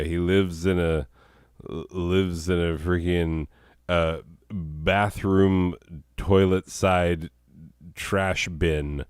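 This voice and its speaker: A hoarse, sick man hosting a comedy show, rambling in a deadpan way with chuckles and coughs. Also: low voice, no room sound, clean studio sound.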